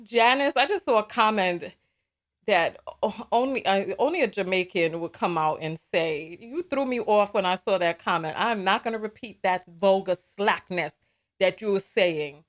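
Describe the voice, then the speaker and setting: A woman's voice: medium pitch, moderate pace. A woman hosting a live reaction stream, reading viewer comments in a blunt, exasperated way and often repeating herself. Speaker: livestream host.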